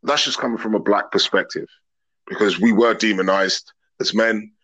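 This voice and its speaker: An English man appears as a podcast guest, speaking openly and earnestly in long, reflective thoughts during a casual conversation. His lowish voice holds a steady tone at a moderate pace, sharp with a breathy edge, on a low-quality recording.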